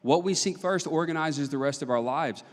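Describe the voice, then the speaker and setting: A man's voice: fairly high pitch, normal speed, big-room sound. A man co-hosting a church talk about parenting, speaking in an earnest, emphatic way, often repeating words as he builds a point. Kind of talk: casual conversational teaching.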